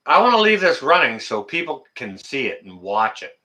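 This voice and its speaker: A man's voice: mid-range voice, sing-song, moderate pace, pushed and bright. A man hosting a casual livestream, talking to viewers in the chat by name and ranting indignantly, often repeating his phrases. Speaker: livestream host.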